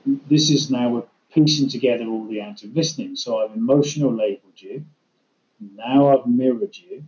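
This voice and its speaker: Guy teaching listening skills, warm mellow voice, kinda dull lo-fi audio. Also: medium pitch. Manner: practical, illustrates with acted-out examples. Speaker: communication trainer. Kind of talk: explaining in a podcast conversation.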